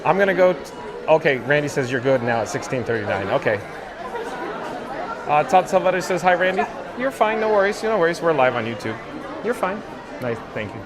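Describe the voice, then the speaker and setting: A man's voice: fairly high pitch, sing-song, brisk, pauses often. A man hosting a casual live stream while walking outdoors through a busy theme park, reading viewer comments aloud and thanking them. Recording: outdoor live stream with music and crowd behind. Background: park music and crowd noise.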